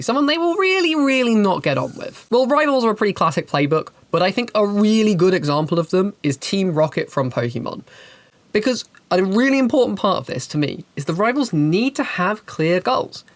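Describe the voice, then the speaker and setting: A woman hosting a channel, giving game master advice in an animated, chatty and emphatic way. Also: medium pitch, no room sound. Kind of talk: casual advice talk and storytelling.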